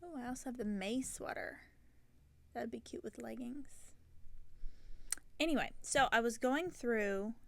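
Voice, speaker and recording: A tired woman hosting a knitting podcast, chatting casually and rambling, with soft half-whispered asides. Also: fairly high pitch, vocal fry. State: tired and yawning. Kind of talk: casual chat. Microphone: self-filmed camera.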